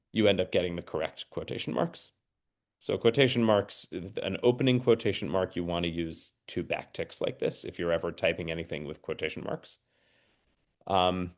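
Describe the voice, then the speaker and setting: A man teaching a screen-share lesson, explaining each step patiently and checking in with listeners. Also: fairly low pitch. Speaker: mathematics teacher trainer.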